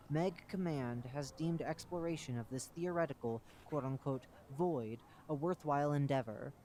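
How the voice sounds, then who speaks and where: A man giving a measured, matter-of-fact scripted narration of a horror wiki entry. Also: a little high, a little mellow, a little hiss or hum.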